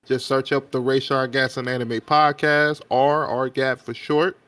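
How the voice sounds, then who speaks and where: A man guesting on a casual anime podcast, relaxed as he plugs his own show. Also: mid-range voice, a little slow, no room sound.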